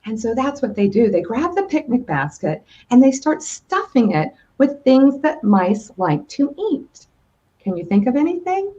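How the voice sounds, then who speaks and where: A woman guest telling a children's story and inviting her listener to join in. Her voice is fairly high and very animated. The video call audio is dull and lo-fi. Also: unhurried.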